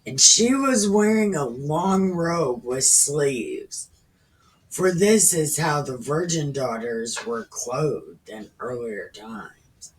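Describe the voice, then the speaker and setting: A woman's voice: low-pitched, animated, takes it slowly, slight background noise. A woman in her thirties reading scripture aloud casually, paraphrasing with irreverent, profane slang. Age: 30s. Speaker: reader. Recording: distant from the mic.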